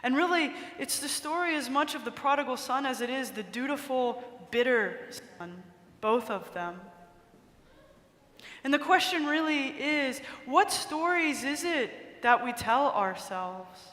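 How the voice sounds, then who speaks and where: A woman preacher delivers a sermon in a conversational, expressive storytelling manner. Her voice sits high and bright. It carries a long, roomy reverb from a large cathedral. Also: a little slow.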